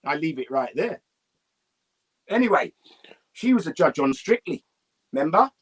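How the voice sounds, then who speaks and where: Guy spinning a story on an interview, husky voice, pitch jumping all over. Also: moderate pace. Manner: lively storyteller, breaks into song and laughs often. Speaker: interview guest. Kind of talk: animated anecdotal storytelling.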